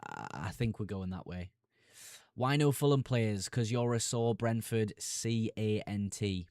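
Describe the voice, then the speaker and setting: A man with a Sunderland accent talks in a fairly low voice, reading viewers' questions aloud and answering them in a chummy, off-the-cuff way. The sound is close and dry, with no room around it. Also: animated, a little mellow, no echo. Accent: Sunderland (Mackem). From Sunderland, North East England. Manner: casual, chummy, reads a question aloud then answers briskly. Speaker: fantasy football streamer host. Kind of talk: live stream Q&A, reading chat questions.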